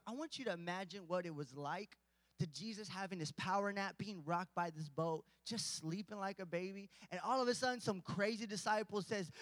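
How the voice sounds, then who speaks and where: A man's voice: high-pitched, a bit bright, no room sound, big-room sound. A man preaching a casual, conversational sermon, joking with the congregation and rising to emphatic points.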